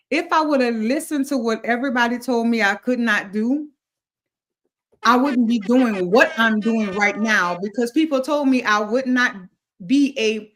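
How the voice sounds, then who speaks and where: A woman who stutters, a guest and motivational speaker, talking earnestly and repeating words as she goes. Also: fairly high pitch. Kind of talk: casual chat.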